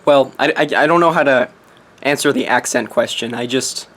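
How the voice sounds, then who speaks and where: A man's voice: mid-range voice, moderate pace, fairly bright tone. Young man in a silly put-on accent. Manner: jokey, mock-preachy, laughs at himself. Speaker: competitive game player vlogging. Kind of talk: casual comedic monologue. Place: his apartment, indoors.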